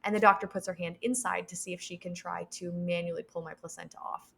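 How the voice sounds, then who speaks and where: A young adult woman, a podcast guest, telling a personal story with lively quoted voices and frequent laughs. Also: fairly low pitch, fast, gravelly, a little hiss or hum. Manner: animated, acts out quoted voices; laughs between sentences.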